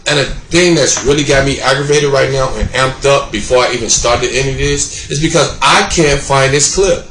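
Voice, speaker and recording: A man's voice: mid-range voice, fairly bright tone, roomy sound, slight background noise, low-quality recording. Fired-up slangy man ranting to viewers. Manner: slangy, fired-up and repetitive, addressing viewers directly. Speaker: political commentary vlogger. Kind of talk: heated casual commentary rant.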